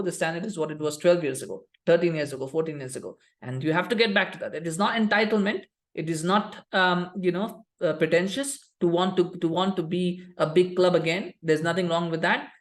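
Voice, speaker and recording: A man hosting a football show, ranting with heat and repeating himself as he restarts sentences. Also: high-pitched. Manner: fast, heated, repetitive restarts. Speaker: football podcast host. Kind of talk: opinionated rant.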